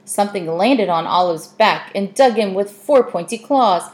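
A woman narrating an audiobook in a measured, expressive reading. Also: lowish voice, a little hiss or hum.

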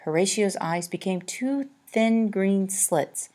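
A woman narrating an audiobook in a measured, expressive way. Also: medium pitch. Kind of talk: scripted narration.

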